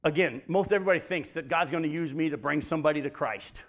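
A man's voice: fairly high pitch, quick pace, a bit bright. A male preacher teaching the Bible in a conversational sermon, calling his listeners folks and asking them rhetorical questions.

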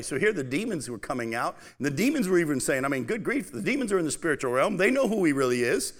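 A man preaching a casual, animated sermon, reading scripture aloud and talking it through with his listeners. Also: on the high side, quick pace. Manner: animated, conversational, reads scripture aloud with emphasis. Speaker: pastor.

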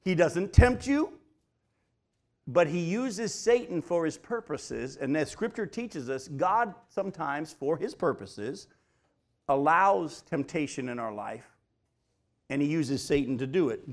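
Middle aged guy preaching, bit high voice, leans hard on key lines, talks right to the folks. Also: animated. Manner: emphatic preaching, slows for key points, addresses folks directly. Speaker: pastor. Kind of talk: sermon.

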